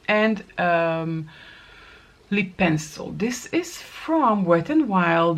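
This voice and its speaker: Slow, gravelly-voiced woman chatting. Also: medium pitch. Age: middle-aged. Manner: chatty, thinking aloud while applying makeup. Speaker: makeup vlogger. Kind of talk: casual get-ready-with-me makeup chat.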